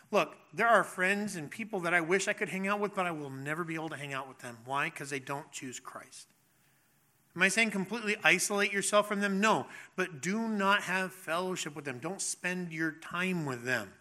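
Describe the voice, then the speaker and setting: A male pastor delivers a sermon in a bright, piercing voice that sits a bit above the usual male range. He swings between low, intense warnings and lively, playful storytelling. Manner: emphatic preaching, drops to low intense tones, playful voices in anecdotes.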